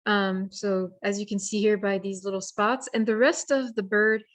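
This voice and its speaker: A woman leads a virtual lesson on identifying birds. She explains in a friendly, step-by-step way, pausing and restarting now and then. Her voice sits at an ordinary middle pitch. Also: steady tone. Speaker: workshop presenter. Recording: virtual program audio.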